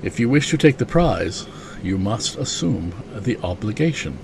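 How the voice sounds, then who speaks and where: A man reading comic dialogue aloud as a calculating female crime boss, quiet and measured. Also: fairly low pitch, big pitch swings, vocal fry, background noise. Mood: cool.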